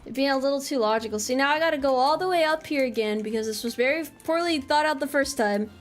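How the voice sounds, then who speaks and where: A woman's voice: high-pitched, fast. A woman streamer giving casual gameplay commentary, playful and teasing.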